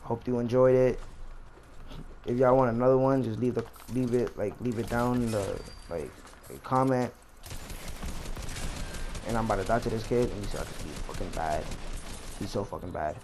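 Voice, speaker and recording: A man's voice: medium pitch, normal speed, long pauses, darkish tone, slight background noise. A young man vlogger telling a rambling, slangy story as he plays a game. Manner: rambling, slangy, repeats himself. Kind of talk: casual storytime while gaming.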